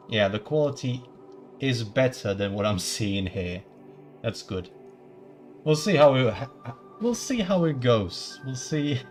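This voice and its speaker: A man chatting casually at the start of a live stream, rambling with many stumbling restarts and playful mock-formal asides. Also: medium pitch.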